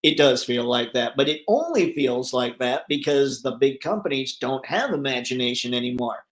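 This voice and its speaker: A man hosting a casual livestream, reading viewer comments aloud and riffing on them, thinking out loud as he browses online listings. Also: medium pitch, animated, normal speed. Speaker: livestream host. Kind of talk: casual live chat.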